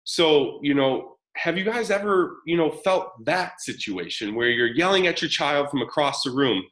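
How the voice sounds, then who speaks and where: A man's voice: on the high side, expressive, normal speed, fairly bright tone, poor audio. A man in his thirties presenting a live parenting webinar, talking casually and energetically while answering chat comments.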